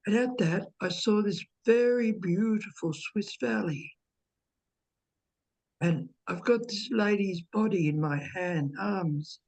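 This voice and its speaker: A woman tells a personal story at an easy, unhurried pace. Her voice is slightly husky, and she lingers on details, pausing with fillers and repeating words as she gathers her thoughts. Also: mid-range voice, a little mellow. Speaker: medium telling her own ghost stories. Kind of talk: slow conversational storytelling.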